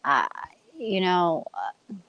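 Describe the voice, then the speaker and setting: A woman's voice: lowish voice, sing-song, extremely slow, dull audio, background noise. A middle-aged woman on a video call, talking earnestly about spiritual things in long rambling runs. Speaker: panel guest. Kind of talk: casual group chat on a call.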